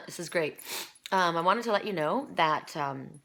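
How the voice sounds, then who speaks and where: A woman's voice: on the low side, animated, measured pace, creaky, a bit bright. A middle-aged woman giving a spiritual oracle card reading, talking in an emotional, earnest way and often restarting her sentences.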